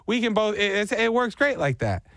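A man hosting a radio show, telling a story with animated energy and acting out voices, in a studio. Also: sits high, a little fast, no echo. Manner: excitable storyteller, acts out voices. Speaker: radio host. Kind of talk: animated morning radio banter. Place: glass-walled radio studio downtown. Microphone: studio microphone.

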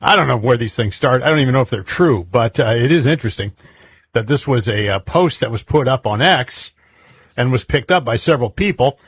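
A man's voice: mid-range voice, animated, a little fast, slightly rough, no room sound. A man co-hosting a talk show, telling a story in a chatty, casual way and laughing often. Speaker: co-host.

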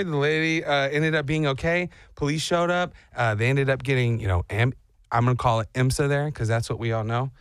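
A man's voice: a little high, clean tone, no room sound. A man hosting a radio show, chatting casually and joking, often acting out silly voices. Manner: animated, jokey, acts out voices for dogs and himself. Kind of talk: casual morning radio banter.

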